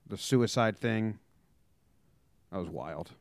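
A man's voice: lowish voice, lively intonation, slow pace, dry recording. A man hosting a casual podcast, joking loosely and chatting through a sports update. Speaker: podcast host.

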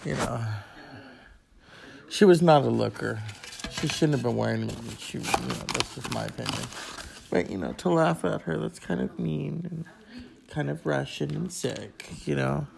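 A man's voice: medium pitch, a little slow, gravelly, background noise. A tired man hosting his own show, chatting in a rambling, casual way with crude asides and plenty of swearing.

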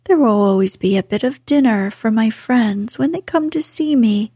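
A woman's voice: a little high, normal speed, no room sound, clean studio sound. Toad, a humble toad, whispered by a woman. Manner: soft, breathy whispered reading. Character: boastful, repentant male toad, middle-aged gentleman.

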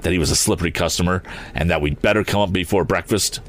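A man voicing a blustering small-town constable in a read-aloud story, speaking quickly and eagerly. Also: low-pitched, natural voice. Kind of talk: audiobook character voice.

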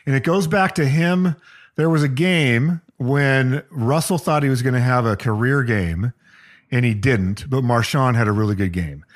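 A man's voice: mid-range voice, normal speed. A man co-hosting a casual podcast, retelling football stories and quoting the players. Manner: animated retelling of football stories with quoted voices. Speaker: podcast co-host. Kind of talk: casual chat, storytelling.

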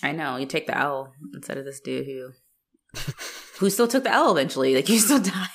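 Young woman, low voice, chatty co-host, laughing, loose swearing. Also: normal speed. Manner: animated, laughs often, swears casually. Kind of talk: casual chat.

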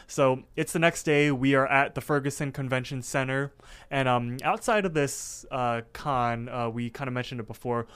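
A man's voice: medium pitch, a bit bright, clean tone. A man co-hosting a casual podcast, retelling cartoon scenes with lots of fillers. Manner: recaps scenes with many fillers. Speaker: podcast co-host.

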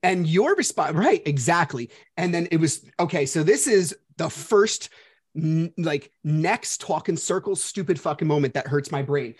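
A man's voice: fairly high pitch, animated, moderate pace, husky. A man hosting a podcast, telling a story in a casual, profane way and mocking the people he quotes. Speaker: podcast host.

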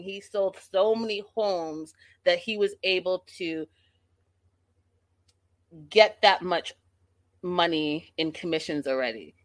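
Sassy woman recapping reality TV. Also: mid-range voice. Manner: sassy, animated, talks straight to viewers. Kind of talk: casual recap commentary.

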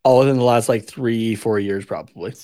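A man's voice: medium pitch, fairly even intonation, fairly quick, warm tone, no room sound, clean studio sound. A man co-hosting a casual sports podcast, blunt and wisecracking, swearing freely. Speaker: podcast co-host.

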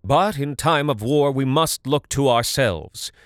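A man's voice: medium pitch, unhurried, no echo, studio quality, pitched above the performer's own voice, natural voice. A man voicing a scheming, lying male bard who rallies crowds and sneers at his lord. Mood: rousing. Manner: forceful, persuasive, sneering.

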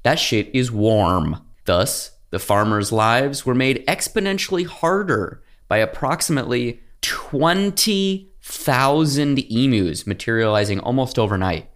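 A man's voice: lively intonation, measured pace, few pauses, fairly bright tone. A man hosting a history podcast, reading a script with sarcastic asides and swearing. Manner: sarcastic, swears, jumps to high mocking voices. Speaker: podcast host. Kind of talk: scripted history narration with casual banter.

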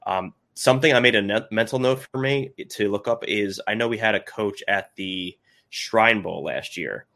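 A man's voice: lowish voice, moderate pace, creaky, sharp tone. A man appearing as a podcast guest, explaining his player analysis in chatty detail during a casual sports conversation.

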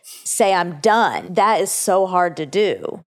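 A woman co-hosting a podcast, chiming in at a slow, emphatic pace during a casual chat. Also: fairly low pitch, very animated, a little hiss or hum.

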